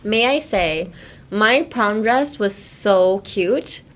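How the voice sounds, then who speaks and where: A woman's voice: medium pitch, expressive, extremely slow. A young woman hosting a casual bilingual language lesson, playful and giggly, drilling words over and over. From United States. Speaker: podcast host, English teacher.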